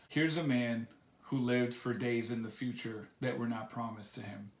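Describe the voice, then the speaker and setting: A man preaching a sermon reflection, earnestly urging his listeners, repeating key phrases and slowing down on the words he stresses. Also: medium pitch, steady tone, gravelly, reverberant. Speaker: pastor.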